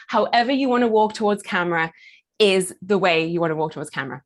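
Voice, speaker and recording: A middle-aged woman teaching a lively confidence workshop, playful and theatrical, acting out little voices and laughing often. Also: mid-range voice, fast talker. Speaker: burlesque performer and confidence coach.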